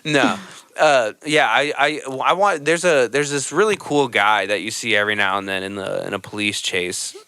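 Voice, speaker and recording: A man's voice: medium pitch, moderate pace, pushed and bright, clean tone, dry recording. A young adult man, a comedian guest on a casual podcast, telling rambling, profane stories.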